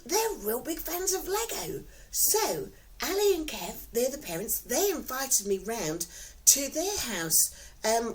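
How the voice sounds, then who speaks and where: A woman's voice: fairly high pitch, low-quality recording. A woman with a Nottingham accent, casually telling stories to her viewers in a giggly, rambling way from home. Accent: Nottingham English. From England. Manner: warm storytelling, giggly, repeats herself. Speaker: vlogger. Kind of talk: casual chatty vlog.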